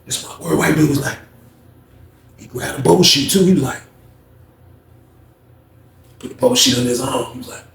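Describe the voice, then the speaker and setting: A man telling a story in casual slang, animated and acting out the voices. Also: mid-range voice, normal speed, gravelly, long pauses, distant mic. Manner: animated, slangy, acts out every voice. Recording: roomy echo.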